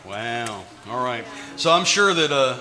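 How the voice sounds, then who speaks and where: Slow-talking man conducting an orchestra. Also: mid-range voice, animated, long reverb tail. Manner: counts beats aloud and scats rhythms. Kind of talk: rehearsal instruction. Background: loud orchestra playing.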